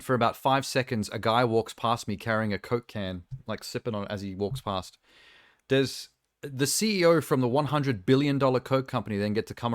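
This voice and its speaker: A man's voice: mid-range voice, no echo, studio quality. A man streaming live, chatting casually in a rambling, ranting way and laughing at himself. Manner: rambling, ranting, self-amused.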